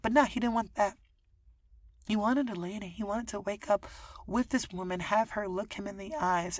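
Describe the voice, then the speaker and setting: A woman hosting a podcast, telling a story in casual chat, swearing and laughing often, swinging between loud and soft. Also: fairly low pitch, dry recording. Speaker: podcast host.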